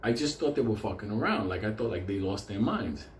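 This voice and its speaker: A man telling a profane comic story, animated and often laughing. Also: lowish voice, a little fast, slight background noise. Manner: animated, laughing, heavy swearing. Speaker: show host telling a story. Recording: echoey room with faint ambience.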